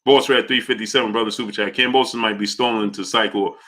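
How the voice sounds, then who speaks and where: A man hosts a casual livestream, his voice sharp and ringing. He goes from low, mumbled shout-outs to loud, heated outbursts. He sounds preachy as he rants at whoever he is talking about. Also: steady tone, fast. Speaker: livestream host. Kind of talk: casual livestream commentary, reading viewer chats.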